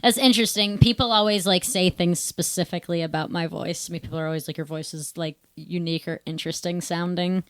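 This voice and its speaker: A woman with a Buffalo accent speaks in a nasal, rather flat and lifeless tone, her voice on the lower side and smooth. She co-hosts a podcast, and the sound is dry and close. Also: quick pace, few pauses, no echo. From Buffalo area, New York. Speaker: podcast co-host. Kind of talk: casual podcast chat.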